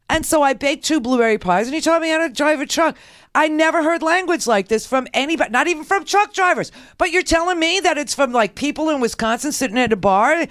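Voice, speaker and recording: A middle-aged woman hosts a talk radio show, talking in a sarcastic, restless ramble. Her pitch leaps up and down as she riffs. The recording is dry and close, with no room sound. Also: fairly quick, no room sound. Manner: animated, sarcastic, rambling with many restarts. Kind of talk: talk radio political commentary.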